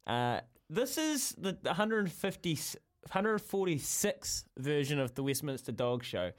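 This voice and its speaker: A man's voice: on the high side, big pitch swings, measured pace. A man hosting breakfast radio, chatty and joking as he sets up the next segment. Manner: chatty, jokey. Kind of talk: casual radio chat.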